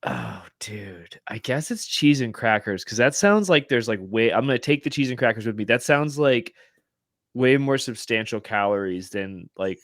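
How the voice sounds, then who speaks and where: A man's voice: mid-range voice, lively intonation, normal speed, fairly bright tone, dry recording. A man as a podcast guest in casual chat, rambling with lots of fillers.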